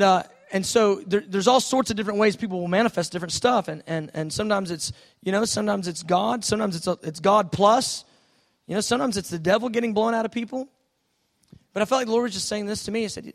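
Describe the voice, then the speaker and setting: A male pastor preaching a sermon, telling stories with lively, animated delivery and acted-out voices. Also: high-pitched, fairly quick. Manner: animated storytelling, acting out voices, drops soft for quoted God.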